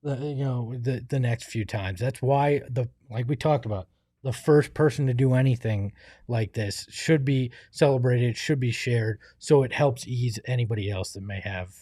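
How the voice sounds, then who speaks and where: A man's voice: mid-range voice, normal speed, mellow, dry recording, clean studio sound. A man co-hosting a casual sports talk show, earnest and joking by turns. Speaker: co-host.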